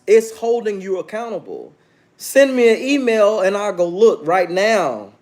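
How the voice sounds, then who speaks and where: Man, 30s, livestream host; brash and preachy, slightly high, very animated pitch. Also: a little slow. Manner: brash, preachy, challenges chat viewers directly. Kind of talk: casual livestream monologue.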